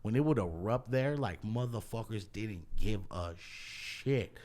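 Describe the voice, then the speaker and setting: Speaking at a measured pace in a lowish voice, a male podcast host spins wild tales during casual conversation. Profanity flows freely, and he breaks into laughter while quoting others in an animated way.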